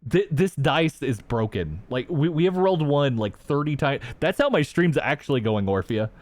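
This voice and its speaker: Animated young man streamer, dry sound. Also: a little high, moderate pace, no room sound. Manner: animated, profane ranting to chat. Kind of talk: casual livestream chat.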